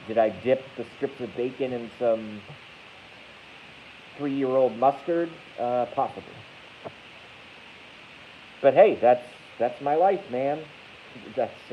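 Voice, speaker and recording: A man rambling casually on a livestream, joking crudely, mocking himself and reading out chat comments. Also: medium pitch. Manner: crude, joking, self-deprecating, reads chat aloud. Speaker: livestream host. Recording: dull lo-fi stream audio with faint hiss.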